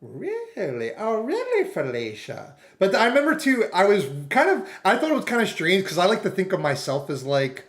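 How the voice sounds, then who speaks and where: A man's voice: high voice, lively intonation, fast, hardly any pauses. A man streaming and chatting casually, rambling through anecdotes and putting on other people's voices.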